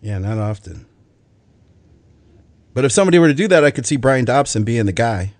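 Lively-voiced male host. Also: mid-range voice, fairly quick. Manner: brief reactions and questions. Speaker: podcast host. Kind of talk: casual interview.

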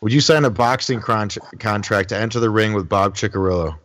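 A man's voice: on the low side, brisk, fairly bright tone. A man hosting a podcast, asking questions in an easygoing, agreeable way. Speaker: podcast host. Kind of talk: casual podcast interview.

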